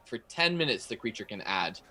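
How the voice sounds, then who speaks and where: A man playing a tabletop game, chatty and reading rules aloud haltingly. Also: fairly low pitch, very animated, pushed and bright. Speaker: player. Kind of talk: casual tabletop play.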